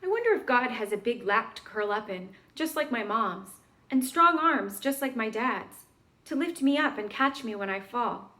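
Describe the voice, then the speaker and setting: Woman, high voice, gentle storybook reading, questions for young listeners. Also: expressive, moderate pace. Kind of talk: reading a children's book aloud.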